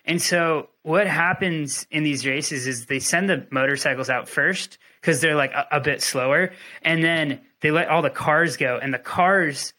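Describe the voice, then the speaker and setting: Animated young man telling a wild story. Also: a little high, measured pace. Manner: animated, laughing, mimics voices. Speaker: podcast host. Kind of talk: casual storytelling.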